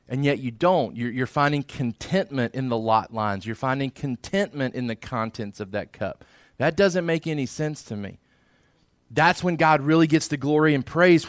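A man's voice: a little high, a bit bright, dry recording, clean studio sound. A man preaching a sermon as pastor, earnest and repeating phrases for emphasis.

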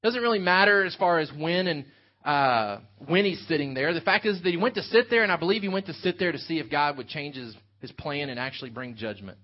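A man's voice: a little high, expressive, fairly quick. A man preaching an earnest sermon, working through a scripture passage for his congregation. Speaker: pastor. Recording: dull lo-fi sound.

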